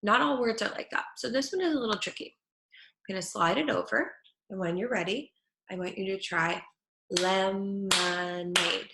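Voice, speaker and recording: A woman speech therapist teaching children at home, saying each word slowly and clearly. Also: mid-range voice, expressive, background noise. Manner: slow, clear over-articulation of words. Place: her home kitchen. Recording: echoey room.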